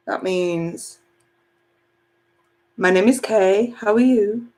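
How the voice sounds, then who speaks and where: Unhurried woman, tarot reader chatting live with viewers; giggly, casual swearing. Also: medium pitch. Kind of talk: live-stream chat reading viewer comments.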